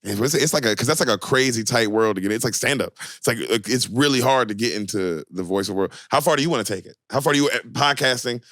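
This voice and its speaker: A man talks rapidly with a bright, tense edge. He co-hosts a casual podcast and asks quick, eager questions. The sound is dry and close. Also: mid-range voice, no room sound. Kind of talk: casual chat.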